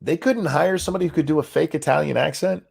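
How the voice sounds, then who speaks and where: A man co-hosting a casual podcast chat, animated and profane, tripping over words as he reads viewer comments aloud. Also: on the high side, fast talker, vocal fry, slightly rough. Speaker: co-host.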